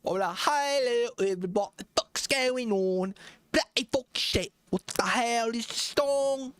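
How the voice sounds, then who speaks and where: A man's voice: extremely high pitch, measured pace, a bit bright, clean tone, dry recording, clean studio sound, voice pushed up. A man streamer voicing a brash, crude mock-London character with an exaggerated put-on accent.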